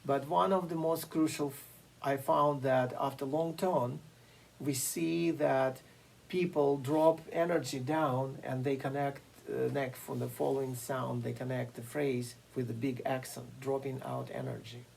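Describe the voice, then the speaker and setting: A piano teacher giving a masterclass lecture, explaining slowly and deliberately with frequent fillers and pauses. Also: mid-range voice, steady tone, creaky, a little mellow, husky, low-quality recording. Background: occasional piano playing.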